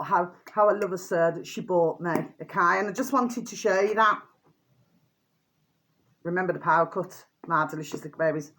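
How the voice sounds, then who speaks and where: A woman's voice: mid-range voice, fairly bright tone. An older woman chatting casually in a show-and-tell vlog, doting and rambling, full of fillers and repeated pet names. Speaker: vlogger.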